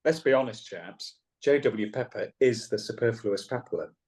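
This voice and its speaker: A man's voice: fairly low pitch, expressive, moderate pace, a little mellow, slightly rough. A man on a podcast panel, frank and wry about a film.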